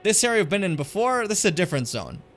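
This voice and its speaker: A man's voice: high voice, big pitch swings, fast, a bit bright, soft background music. A man streaming a video game, giving casual commentary, chatty and joking, swearing freely and talking to his viewers.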